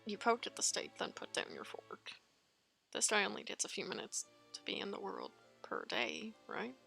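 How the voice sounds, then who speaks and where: A woman streamer reading a fan-made visual novel aloud in an expressive, giggly manner, faint game music behind. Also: medium pitch, normal speed, vocal fry, whispered. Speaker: let's play streamer.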